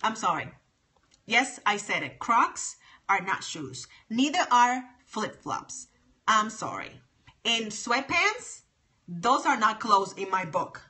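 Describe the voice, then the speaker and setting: A woman's voice: on the high side, sing-song, slow pace, pushed and bright. A woman chatting live with viewers on her phone, emphatic and sassy, repeating her points. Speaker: livestream host. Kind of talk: casual livestream chat with viewers.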